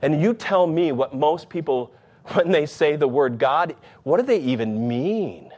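A man preaching a sermon as a pastor, earnest, with raised emphatic phrases that drop into low, quiet ones. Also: lively intonation, measured pace.

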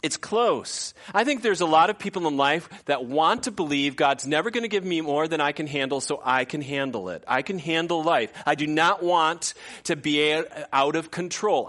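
A man in his fifties preaching a conversational sermon as pastor, often acting out what people say. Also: a little high. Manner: conversational, animated, acts out quoted voices.

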